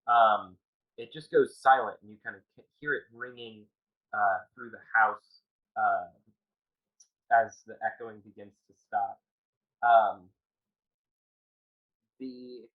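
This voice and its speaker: Um-filled game master, tinny call audio. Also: male voice, lowish voice, slow, pauses often. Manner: hesitant, many ums and uhs. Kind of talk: narrating a tabletop game.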